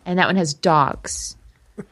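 A woman's voice: lowish voice, unhurried, fairly bright tone, husky. Giggly rambling woman podcast host. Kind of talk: casual chat.

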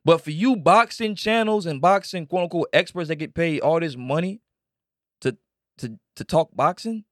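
A man's voice: fairly high pitch, moderate pace, no room sound, clean studio sound. A man co-hosting a sports talk show, ranting animatedly about boxing critics. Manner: animated, ranting, mimics others. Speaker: podcast co-host.

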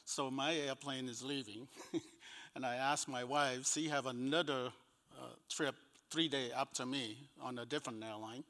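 An older evangelist with a Cambodian accent recounts a personal story during an interview, chuckling between sentences and acting out what people said. His medium-pitched voice has a sharp tone, fairly even intonation, and a normal speed. The recording carries a long, echoey reverb.

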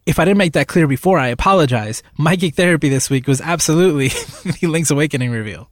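A man hosting a casual podcast chat, gushing with excitement. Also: on the high side, fast, dry recording, clean studio sound. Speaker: podcast host.

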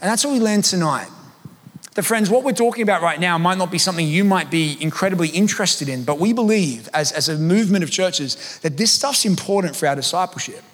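Man, pastor, high voice, chatty storytelling sermon, long hall reverb. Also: expressive, a little fast, fairly bright tone. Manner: conversational, self-deprecating storytelling.

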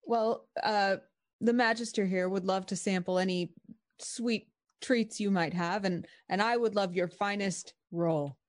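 Relaxed woman playing a tabletop game. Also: medium pitch, a little slow, dry recording, clean studio sound. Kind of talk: casual in-character play.

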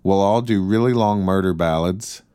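A man with a very deep voice chats with dry, wry humor and tells stories at length. The mic is close and the sound dry. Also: moderate pace, dark tone, clean tone, dry recording. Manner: dry humorous, storytelling, mock-announcer bits. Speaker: podcast co-host. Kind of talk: casual chat.

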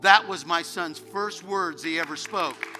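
A man's voice: high voice, measured pace, music in the background, crowd noise. A man preaching a sermon as a guest pastor, telling an emotional personal story that builds into fervent preaching. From United States.

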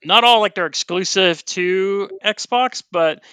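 A man co-hosting a casual gaming podcast, chatty and relaxed with plenty of filler words. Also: high voice, slow, smooth, no echo. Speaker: podcast host.

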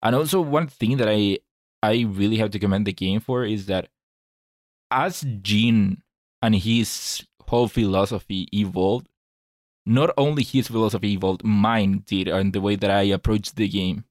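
A man with a fairly low voice talks earnestly about games as a podcast co-host. He reflects aloud and restarts his sentences as he thinks. The sound is close and dry, with no room around it. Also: normal speed, a little mellow, no echo. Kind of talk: casual chat.

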